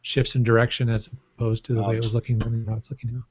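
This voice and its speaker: A man's voice: mid-range voice, flat delivery, very fast, darkish tone, husky, dry recording. Rambling, jokey man co-hosting a podcast. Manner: rambling, jokey, laughs often. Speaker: podcast co-host. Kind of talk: casual chat. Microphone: microphone on a stand. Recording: muffled, dry podcast audio.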